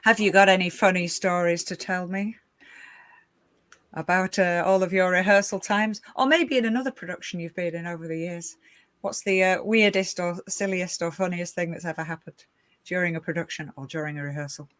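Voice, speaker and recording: British host, young woman, chatty and self-mocking, lower pitch, dry close mic. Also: steady tone, fairly quick, a bit bright, no room sound. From Britain. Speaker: livestream show host. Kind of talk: casual chat.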